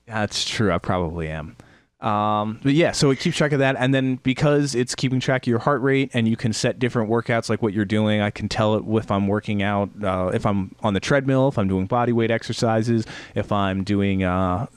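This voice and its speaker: A man with a low, smooth and clear voice talks through a gadget review on a podcast. He rambles, restarts and fills gaps with "uh" and "um". His voice is recorded close and dry on a podcast mic. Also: normal speed, no echo. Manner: rambling, hesitant with many fillers and restarts. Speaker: podcast co-host. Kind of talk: casual chat, product review.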